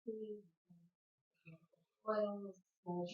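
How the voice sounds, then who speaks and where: A woman's voice: medium pitch, level tone, extremely slow, muffled recording. A woman in a workshop audience asking a question hesitantly, searching for her words.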